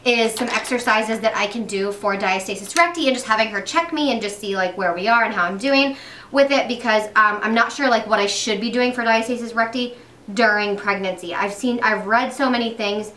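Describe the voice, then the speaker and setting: A woman's voice: a little high, fairly quick, bright, forceful tone, echoey room, recorded from a distance. A young pregnant woman chatting casually while doing her makeup, upbeat, with lots of fillers and restarts. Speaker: beauty vlogger.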